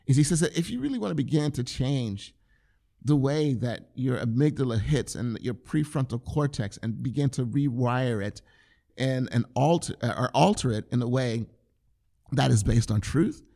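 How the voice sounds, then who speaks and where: A man's voice: medium pitch, gravelly, mellow. A man preaching a sermon, repeating key phrases for emphasis and acting out the people in a scripture story. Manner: dramatic, acts out the crowd and the blind men in raised voices. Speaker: pastor.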